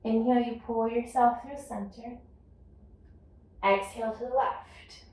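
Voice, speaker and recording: A woman teaching a guided yoga class, calmly cueing each breath and movement. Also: a little high, unhurried, recorded from a distance. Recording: echoey room, voice off-mic.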